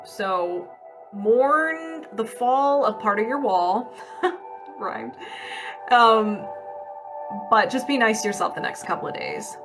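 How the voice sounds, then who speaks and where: Over music, a woman speaks slowly and expressively in a voice on the high side. She's an energy healer running a casual livestream session, upbeat and talkative, raising yes-no questions and supplying the answers herself.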